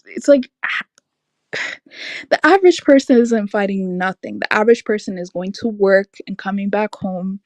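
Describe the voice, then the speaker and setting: A woman's voice: mid-range voice, dry recording. A young woman talks on her livestream in a casual, exasperated rant, leaning hard on her points and dropping "like" into nearly every sentence. Her voice sits in a middle range for a woman. The sound is dry and close, with no room in it. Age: young adult. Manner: exasperated, emphatic, frequent "like" and laughs. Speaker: livestream host. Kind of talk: casual opinion rant on a stream.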